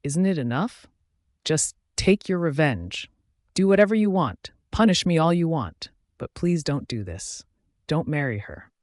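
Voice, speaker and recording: A desperate, heartbroken young she-wolf, drunk and defiant, as a man reads her, pleading in a raised, higher voice. The sound is dry and close, with no room around it, for an audiobook. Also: expressive, unhurried, no echo.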